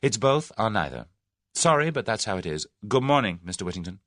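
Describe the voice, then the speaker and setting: A man's voice: lowish voice, sing-song, fairly quick, a bit bright, no room sound, studio quality, pitched above the performer's own voice. A man voicing a plucky young Englishwoman. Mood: firm. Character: sharp young English woman, spirited and wary.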